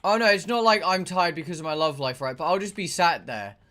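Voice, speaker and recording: A man's voice: fairly high pitch, lively intonation, brisk, bright, forceful tone. A young man, chatting casually and ranting with exasperation while he streams a game. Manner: ranting, exasperated, swears a lot. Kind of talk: casual chat while gaming.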